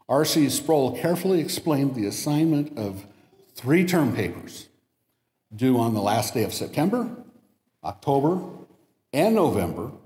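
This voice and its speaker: Man preaching in an echoey hall. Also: mid-range voice. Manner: reads an illustration story aloud with lively voiced quotes. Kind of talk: sermon. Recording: echoey hall with long reverb.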